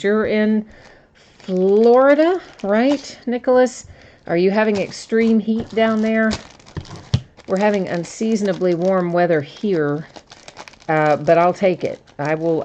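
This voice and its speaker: A woman's voice: lowish voice, a little mellow, a little hiss or hum. A woman hosting a live card break stream, chatting casually with viewers, greeting them by name and laughing easily.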